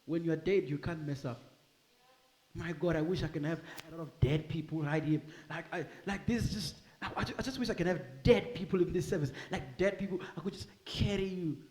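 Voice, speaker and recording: Male preacher, high voice, animated, acts out dialogue; echoey church hall. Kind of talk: sermon.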